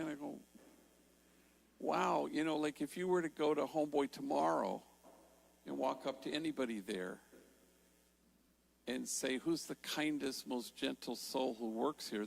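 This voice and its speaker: An older man giving a storytelling talk in a large church, slowing down to stress key words. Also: mid-range voice, gravelly, poor audio. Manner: warm storytelling, slows for emphasis. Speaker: Jesuit priest and speaker.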